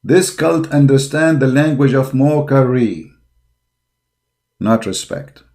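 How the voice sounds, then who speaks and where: A man delivers a combative online monologue with a gravelly, creaky texture at a mid-range pitch. His English is non-native and full of "uh" fillers. He preaches hard and turns mocking. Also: slow pace, darkish tone. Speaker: religious commentator. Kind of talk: impassioned online commentary monologue.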